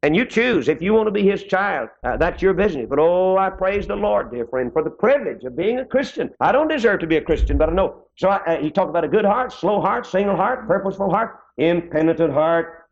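A man preaching a sermon in a folksy way, his pitch rising and dropping suddenly. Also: expressive, fairly quick. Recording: dull lo-fi old sermon tape.

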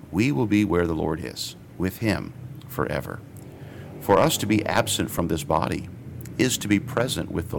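A radio pastor, a man, gives an earnest, measured Bible teaching and reads scripture aloud in old King James phrasing. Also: low-pitched, creaky, a little hiss or hum.

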